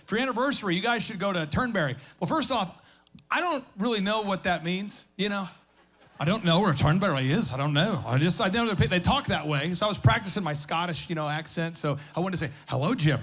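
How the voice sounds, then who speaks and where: A man's voice: high-pitched, fairly bright tone. A man hosting a live business workshop, telling stories in a chatty way with stumbling restarts. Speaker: host and business coach.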